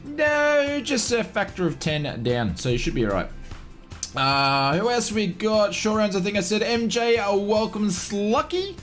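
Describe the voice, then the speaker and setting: An Australian streamer with a high, bouncy voice that swings up and down as he chats. He greets his viewers by name in a friendly, upbeat way during a casual live stream. Soft music plays faintly behind him. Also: very animated, measured pace. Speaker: flight sim streamer.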